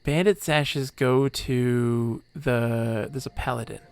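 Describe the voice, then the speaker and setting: A man's voice: medium pitch, fairly even intonation, takes it slowly, a little mellow, smooth, faint music behind. A man streaming a game live, rambling enthusiastically and laughing often between thoughts.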